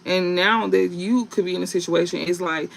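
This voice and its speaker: A man giving a casual tarot reading to viewers, rambling and halting with many fillers and restarts, and reading card meanings aloud. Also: sits high, fairly even intonation, creaky, a bit bright, a little hiss or hum, rough recording. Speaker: tarot reader.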